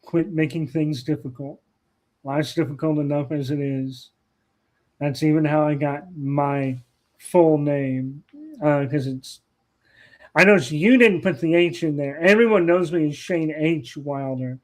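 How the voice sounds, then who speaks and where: A man's voice: on the high side, a little slow. A man on a podcast as a guest, telling family stories in a casual, rambling way with plenty of fillers and restarts. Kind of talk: casual anecdotal storytelling.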